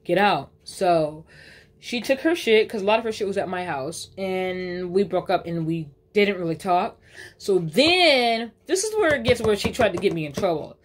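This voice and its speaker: A woman talks loosely and at length in a casual storytime vlog. She swears freely, drops slang fillers and keeps restarting and correcting herself, all in a voice of middling pitch. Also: expressive, normal speed. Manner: rambling, profane, uses slang fillers. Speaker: vlogger telling a personal story.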